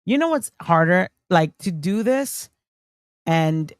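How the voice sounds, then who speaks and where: A woman's voice: lowish voice, expressive, slow, dry recording. A woman streamer giving blunt, dismissive commentary on a livestream, full of fillers and restarts. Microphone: streaming mic on camera.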